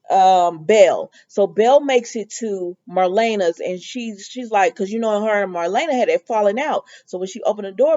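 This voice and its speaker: A woman with a mellow, mid-range voice recaps a soap opera episode in a loose, chatty way, heard through dull audio. She fills her talk with "um" and "or whatever" and quotes the characters' lines.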